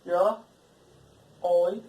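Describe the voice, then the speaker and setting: A woman's voice: on the low side, fairly even intonation, very slow, dark tone. A woman from Colombia with a Colombian Spanish accent, teaching an English pronunciation lesson in English as a second language. She drills lists of example words and stresses each one. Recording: echoey room, mic far off.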